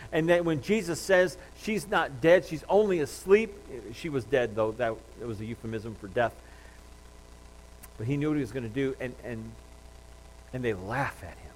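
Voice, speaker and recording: A man preaching a sermon, retelling a Bible story with lively acted-out quotes and frequent restarts. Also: a little high, normal speed, poor audio. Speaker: pastor.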